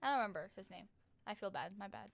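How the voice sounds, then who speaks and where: A woman's voice: mid-range voice, animated, fast, gravelly, no echo. A woman co-hosting a casual podcast chat, playful and giggly, close to the mic. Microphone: close studio mic.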